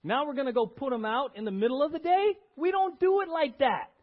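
A man's voice: mid-range voice, huge pitch swings, moderate pace, breathy edge, voice pushed down. A preacher putting on a cranky, tired fisherman. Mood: irked. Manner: grumbling, mocking. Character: cranky tired male fisherman, irked and dismissive. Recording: dull lo-fi recording.

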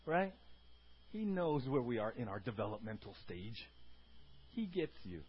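A man preaching a sermon as a pastor. He moves between loud, emphatic teaching and soft, quiet asides, and he calls out to the congregation for responses. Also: mid-range voice, sing-song, a little slow, long pauses, highs cut off.

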